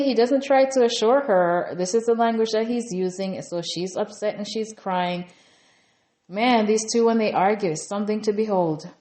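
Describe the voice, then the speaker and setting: A woman's voice: medium pitch, darkish tone, roomy sound. A woman recapping a reality TV episode in a chatty, rambling way, full of "you know" fillers. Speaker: TV recap reviewer.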